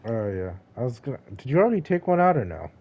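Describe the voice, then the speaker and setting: A man's voice: medium pitch, fast talker, highs cut off. A man narrating as game master of a tabletop game, laughing now and then as he describes the action. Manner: laughs while narrating, relaxed.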